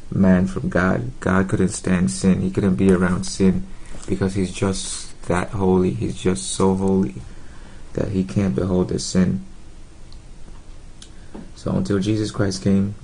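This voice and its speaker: Male preacher, earnest and halting, dark mellow gravelly voice. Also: deep voice, poor audio. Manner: earnest, halting, with frequent fillers and restarts. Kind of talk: informal gospel sermon to camera.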